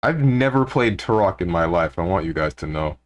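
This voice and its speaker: Man, very deep voice, casual live-stream chat, laid-back grumbling, desk mic. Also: expressive, fairly quick.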